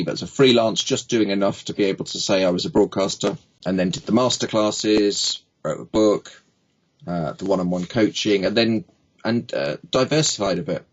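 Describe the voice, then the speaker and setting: A man, a speaking coach, telling jokey anecdotes in a casual interview and acting out little quoted exchanges. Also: fairly low pitch. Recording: dull lo-fi recording.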